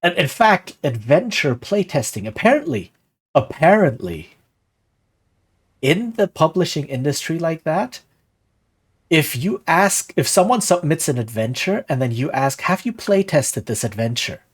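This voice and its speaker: Animated man chatting on a livestream. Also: fairly high pitch, unhurried, breathy edge. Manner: animated, rhetorical, frequent "right?"; reads chat aloud and replies. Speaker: streamer. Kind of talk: casual livestream talk on game design.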